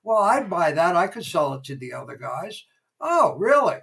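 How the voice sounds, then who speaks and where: A man's voice: high-pitched, big pitch swings, normal speed, vocal fry, a bit bright, slightly rough, low-quality recording. A man, a former theater promoter, telling rambling behind-the-scenes anecdotes as a podcast guest, full of fillers. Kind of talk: casual interview storytelling.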